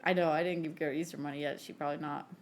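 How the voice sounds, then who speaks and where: A woman's voice: low-pitched, steady tone, racing, slight background noise. A woman in her forties co-hosting a podcast, teasing and chatting easily, often laughing. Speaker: podcast co-host. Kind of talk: casual chat.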